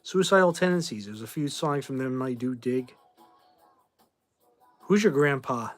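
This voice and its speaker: A man's voice: mid-range voice, lively intonation, measured pace, soft background music. A man in his forties from Boston, hosting a casual livestream chat and answering viewer questions in a rambling, offhand way with blunt opinions. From Boston, Massachusetts. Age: 40s. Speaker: host.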